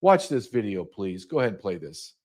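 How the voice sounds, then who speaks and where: A man's voice: on the low side, very animated, brisk, darkish tone. A man in his fifties hosting a political commentary show, ranting with blunt sarcasm. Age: 50s. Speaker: host.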